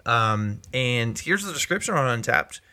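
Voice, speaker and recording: Bright-voiced guy rambling on a podcast, keeps restarting sentences, dry close mic. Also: mid-range voice, very animated, measured pace, no echo. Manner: rambling, self-correcting, chuckling. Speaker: podcast co-host. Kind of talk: casual chat.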